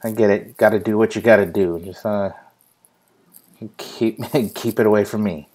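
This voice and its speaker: A man's voice: lowish voice, steady tone, normal speed, mellow. A young man hosting a casual live show, telling a funny family story with plenty of swearing and laughter. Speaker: host.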